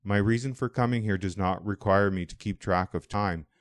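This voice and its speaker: A man voicing an older hermit monk, devout and calm, who speaks in a booming but welcoming way in an audiobook. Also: normal speed, no room sound, clean studio sound, natural voice. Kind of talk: audiobook dialogue.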